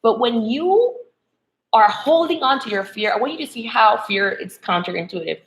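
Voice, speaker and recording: A woman's voice: a little high, expressive, moderate pace, background noise. A woman love coach giving a motivational spiritual talk to women, checking in with "okay?" and "right?" as she goes.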